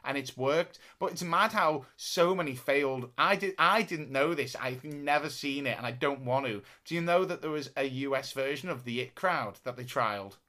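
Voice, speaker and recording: Bright-voiced man chatting. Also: mid-range voice, normal speed, few pauses. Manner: rambling storyteller with frequent restarts. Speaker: podcast co-host. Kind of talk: casual chat.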